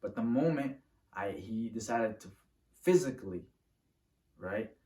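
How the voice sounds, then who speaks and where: A man telling a personal story to the camera in a casual, animated way, acting out the moves as he talks. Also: on the low side, measured pace. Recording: roomy, from a distance to the mic.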